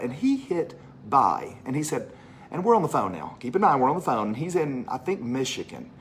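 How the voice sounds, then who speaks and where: Lively Southern man giving a pitch. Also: a little fast, slight background noise. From Mississippi, US. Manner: chatty storytelling, repeats phrases for emphasis. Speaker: presenter of a business opportunity. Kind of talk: animated sales pitch to a live audience.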